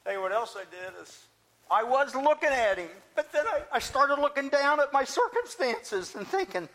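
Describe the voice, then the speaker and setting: A man's voice: extremely high pitch, sing-song, normal speed, fairly bright tone, full character voice. A man preaching as the apostle Peter, an impulsive and talkative fisherman, telling his story in the first person with earnest, searching restarts. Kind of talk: first-person dramatic monologue.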